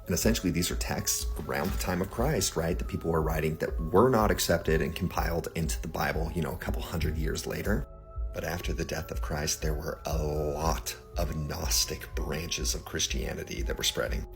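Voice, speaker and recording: A man's voice: rumbling low, normal speed, vocal fry, soft background music. A man talking casually to his viewers in a vlog, chatty and often checking in with them. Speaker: social media creator.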